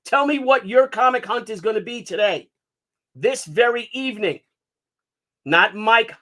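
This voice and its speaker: A man hosting a casual live stream, talking excitedly and chatting with his viewers. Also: sits high, unhurried. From Italian heritage.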